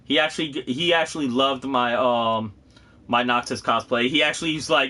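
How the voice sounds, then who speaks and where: A man hosting a casual livestream, rambling excitedly and often breaking into laughter. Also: medium pitch, moderate pace. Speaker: host of a gaming and cosplay channel.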